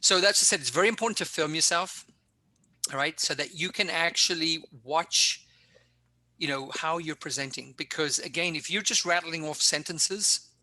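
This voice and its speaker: A man coaching public speaking in an online workshop, talking in an energetic, emphatic and directive way over a video call. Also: a little high, moderate pace.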